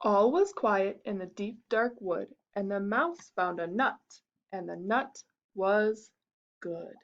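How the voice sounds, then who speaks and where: A woman reading a picture book aloud to children in a slow, expressive, sing-song way. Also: medium pitch. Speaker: storyteller. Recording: dull lo-fi recording.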